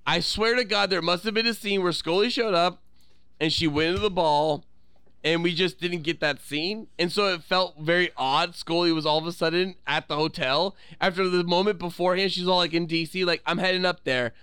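A man in his thirties co-hosting a podcast, retelling scenes with lively acted-out quotes. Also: high-pitched, fairly quick, clear, resonant tone, no room sound. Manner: animated storytelling, acts out quotes. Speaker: podcast co-host. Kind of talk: casual chat.

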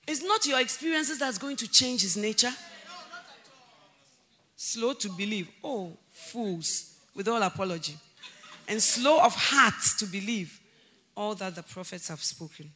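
A woman preaching a sermon in a church, animated, breaking into loud emphasis and laughter as she acts out conversations. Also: high voice.

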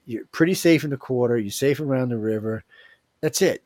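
Blunt talk-show host, male, animated, recorded close with no room sound. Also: mid-range voice, a little fast, no echo. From Southern US. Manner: animated, blunt, swings loud and soft. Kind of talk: casual talk show chat.

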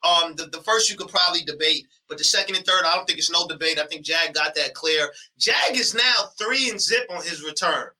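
A man co-hosting a casual battle rap podcast, animated and often yelling in mock disbelief, speaking. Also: on the high side, brisk, hardly any pauses, distant mic, poor audio. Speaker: podcast co-host.

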